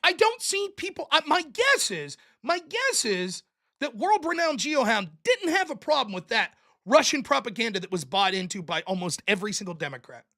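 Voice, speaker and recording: A man hosts his own political show alone, ranting in a sarcastic and combative way and swearing freely. His voice jumps all over the place and has a bright, sharp edge. He often mocks the people he argues against. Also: very high-pitched, sing-song, moderate pace. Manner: mocking mimicry of opponents. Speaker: political commentary host. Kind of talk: solo political rant.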